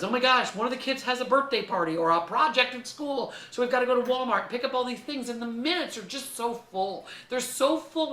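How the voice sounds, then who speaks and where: Expressive middle-aged woman in an echoey room. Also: fairly low pitch, slight background noise. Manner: expressive, emphatic, storytelling. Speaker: video host. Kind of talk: heartfelt advice talk to camera.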